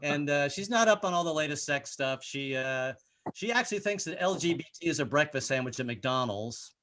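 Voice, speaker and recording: A man's voice: a little high, animated, brisk, fairly bright tone, a little hiss or hum. A man doing a rambling stand-up comedy set, stumbling over his words and repeating himself. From Irish. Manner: rambling, self-interrupting, puts on character voices.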